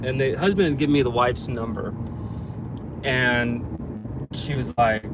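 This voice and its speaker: A man's voice: medium pitch, fairly even intonation, measured pace, noisy background. A man telling an exasperated story about a difficult client in a casual vlog rant, swearing casually and restarting his sentences often. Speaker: handyman vlogger.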